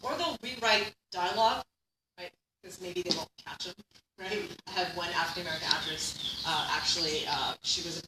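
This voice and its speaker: A woman's voice: on the low side, noisy background. A woman giving a conference keynote lecture in a conversational way, often laughing and tagging her points with "right?". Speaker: keynote speaker. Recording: echoey hall from far off.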